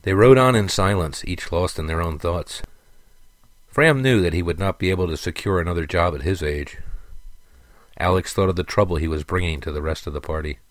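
Deep male narrator, steady audiobook reading, dry close sound. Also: fairly quick, no echo.

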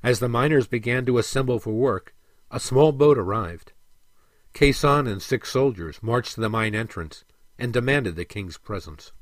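A man narrating a storybook in an expressive, dramatic reading. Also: mid-range voice, moderate pace, dry recording.

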